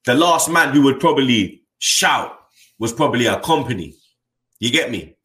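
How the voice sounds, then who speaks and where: A man's voice: mid-range voice, animated, moderate pace, bright, forceful tone, roomy sound. A man, a football fan channel host talking bluntly in casual chat, full of slang and tag questions. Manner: blunt, slangy, keeps adding "you get me".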